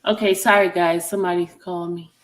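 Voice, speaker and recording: A woman's voice: lowish voice, quick pace. A woman hosting a casual chat, reading out a text exchange and often breaking off with "hold on". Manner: chatty, animated, keeps breaking off with "hold on". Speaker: commentary channel host. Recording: roomy echo.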